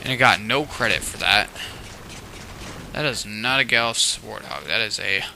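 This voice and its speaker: A man's voice: on the low side, measured pace, gravelly. A young man giving casual commentary over his own online match, often exclaiming in frustration at lag and other players. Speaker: gaming channel host. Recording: faint game noise behind voice.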